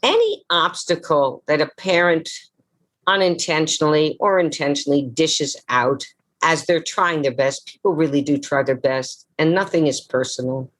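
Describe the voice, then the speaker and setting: A woman's voice: sits low, animated, moderate pace. An older woman, an actress, telling dramatic stories as a guest at a live interview event. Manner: theatrical, dramatic storyteller. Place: live event before an audience.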